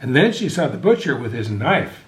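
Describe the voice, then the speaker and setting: A man reading a picture book aloud to children with expressive, animated storytelling, over a video call. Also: medium pitch, moderate pace. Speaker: storybook reader. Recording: echoey room.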